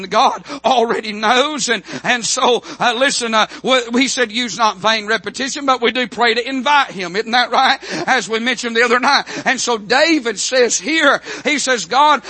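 A man preaching a revival sermon from a church pulpit, fervent, with frequent amens and slow, drawn-out scripture quotes. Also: very high-pitched, sharp tone, no room sound. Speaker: pastor.

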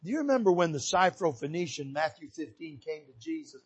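An older male pastor from Michigan preaches from the pulpit in a notably high voice. He swings from shouted exhortation down to hushed, soft emphasis. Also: very animated, fairly quick, slightly rough. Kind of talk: preaching a sermon. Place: church pulpit.

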